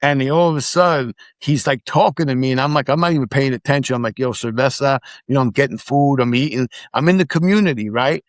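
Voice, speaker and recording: A middle-aged man, a podcast guest, casually telling animated stories, acting out the quotes and swearing freely. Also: mid-range voice, fast, few pauses, dry recording. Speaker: podcast guest, former immigration officer. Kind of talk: casual storytelling in conversation.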